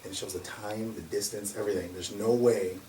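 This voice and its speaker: A man who runs a security company, telling stories in an animated way and laughing often as he talks. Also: on the low side, a little fast. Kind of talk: conversational storytelling. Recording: roomy, distant mic, faint noise.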